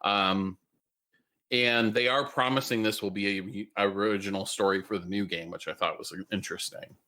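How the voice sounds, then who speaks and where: A man co-hosts a gaming podcast in casual chat. His voice is low but bright and forward. He speaks in a measured, thoughtful way, with the odd blunt jab. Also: fairly even intonation. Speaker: podcast co-host.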